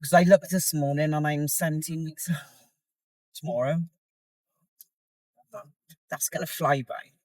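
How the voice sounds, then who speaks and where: A woman's voice: low voice, steady tone, slow, pauses often, no room sound, low-quality recording. A middle-aged woman, talking candidly in a casual vlog while she goes about her day. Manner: rambling and candid, soft and tired at times. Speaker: competitor vlogging her contest prep. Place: in a car.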